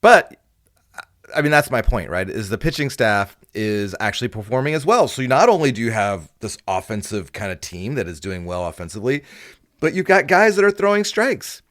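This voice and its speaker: A man's voice: fairly low pitch, very animated, normal speed, fairly bright tone, no room sound, studio quality. A man co-hosting a casual sports podcast, upbeat and easygoing. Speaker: podcast co-host.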